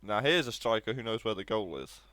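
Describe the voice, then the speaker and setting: A young man commentating on his own football video game match, laughing often and excitable. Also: fairly low pitch, a little fast, clean tone, no echo. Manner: giggly, excitable, laughs between lines. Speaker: gaming streamer.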